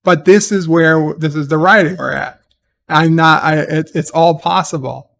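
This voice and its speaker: A man's voice: on the high side, steady tone, moderate pace, gravelly, a bit bright. A man giving a rambling, exasperated spoken review of a TV episode, often restarting his sentences. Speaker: TV show reviewer.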